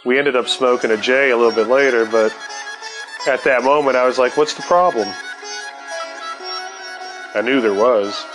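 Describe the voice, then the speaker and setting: A man spinning a long personal story in a loose, rambling way, swearing freely and tripping over his words while high. His voice sits at an ordinary pitch, and faint plucked sitar music plays softly behind him. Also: fairly even intonation, brisk. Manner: laid-back, profane, rambling with fillers. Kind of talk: casual storytelling.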